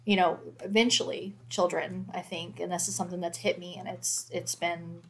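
A woman's voice: lowish voice, level tone, moderate pace. Candid reflective woman, faint background hum. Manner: candid and reflective, many fillers like "like". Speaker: mother of four sharing her story. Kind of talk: casual faith conversation.

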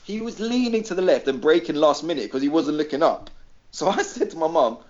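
A man's voice: on the high side, big pitch swings, a little fast, dull audio. A man from Greece, a regular on a podcast, telling a story in casual chat, swearing freely and acting out the people he quotes.

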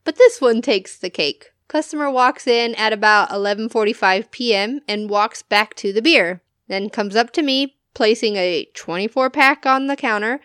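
A woman's voice: a little high, moderate pace, hardly any pauses, fairly bright tone, smooth, no room sound, studio quality. A woman co-hosting a podcast, reading listener stories aloud in a casual way and often laughing between lines. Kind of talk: casual storytelling read-aloud.

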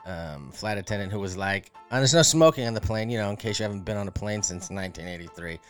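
A man's voice: lowish voice, animated, quick pace, smooth, faint music behind. A man co-hosting a podcast, telling a story in casual chat, rambling with many fillers and restarts. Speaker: podcast co-host.

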